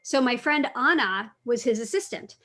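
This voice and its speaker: Middle-aged woman author, slightly high voice, chatty and self-correcting, casual talk with kids. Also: lively intonation, normal speed, a bit bright. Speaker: cookbook author and food writer. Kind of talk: casual talk answering students' questions.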